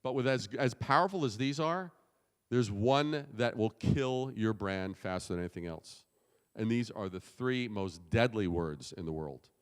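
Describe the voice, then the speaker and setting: A man's voice: lowish voice, expressive, a little slow, clean tone. A man giving a conference keynote, punchy and emphatic, with casual swearing. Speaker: keynote speaker. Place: conference hall. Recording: long hall reverb.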